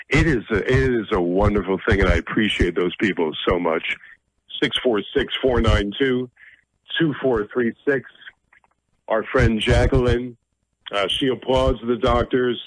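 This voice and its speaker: A man's voice: lowish voice, moderate pace, no room sound, low-quality recording. Blunt, combative male talk radio host. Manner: blunt, combative, self-deprecating.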